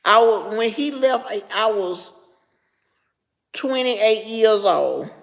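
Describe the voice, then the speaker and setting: A woman's voice: on the high side, lively intonation, takes it slowly, vocal fry, big-room sound. A middle-aged woman, frankly telling a personal story on a live stream and greeting viewers as she goes. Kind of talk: casual storytelling to live chat.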